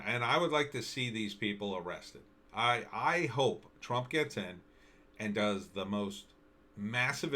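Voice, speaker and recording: An American man reacts solo to news clips and videos as a political commentary vlogger. Set fairly low, his voice is bright and forceful; he's indignant, keeps restarting his sentences and hammers one point repeatedly.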